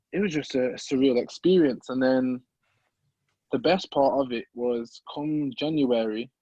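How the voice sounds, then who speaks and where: A young man with a Midlands accent tells a long story as a podcast guest, full of energy and acting out other people's voices. His voice sits at a middle pitch. The sound is dry and a little muffled. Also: darkish tone, no room sound. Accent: English Midlands. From England. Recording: slightly muffled dry recording.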